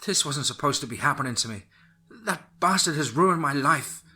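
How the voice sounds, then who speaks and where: A man's voice: a little high, lively intonation, normal speed, sharp tone, voice pushed up. A man voicing a desperate young peasant girl who cries out and pleads. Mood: anguished. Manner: pleading, crying out.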